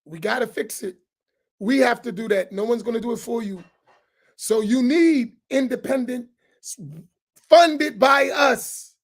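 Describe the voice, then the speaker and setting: A man, preaching to an audience on a roundtable. He is loud and challenging, and he repeats phrases for emphasis. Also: extremely high pitch, gravelly. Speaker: imam on a roundtable.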